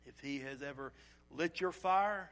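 An earnest man in the pulpit with a voice that sits a little high. He tells his story with feeling and acts out the asides himself, then moves into preaching. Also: unhurried. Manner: animated storytelling with acted-out asides; emotional, earnest. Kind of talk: sermon with a personal story.

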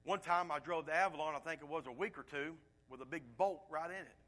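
A pastor preaching with earnest conviction, his voice sitting a little high for a man. He pushes key points out loudly, then drops into soft, hushed asides. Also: fast. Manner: earnest preaching, swings between loud emphasis and hushed asides. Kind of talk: sermon.

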